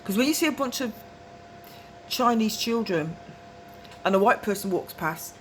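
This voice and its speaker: A woman's voice: medium pitch, animated, normal speed, slight background noise. A woman tells a long, rambling story to camera, often asking whether you follow and laughing between phrases. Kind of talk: casual storytelling monologue.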